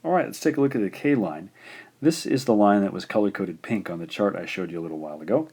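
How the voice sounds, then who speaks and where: A man narrates a recorded lesson in a somewhat low voice. He sounds out syllables slowly and deliberately, repeating each one, and fills pauses with "uh" as he explains. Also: darkish tone, slightly rough. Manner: slow, careful pronunciation drills with frequent "uh" fillers. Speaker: language teacher.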